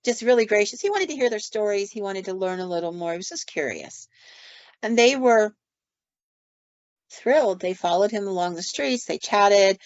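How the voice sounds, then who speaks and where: A woman's voice: mid-range voice, animated, normal speed, no echo. A woman co-hosting a podcast, casually retelling ghost stories with fillers and quoted asides. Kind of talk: storytelling on a podcast. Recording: dull lo-fi dry sound.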